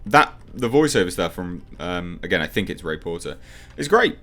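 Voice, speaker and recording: A man's voice: sits low, sing-song, moderate pace, background noise. A man reviewing a movie trailer in casual reaction commentary, opinionated and rambling as he thinks aloud with frequent ums.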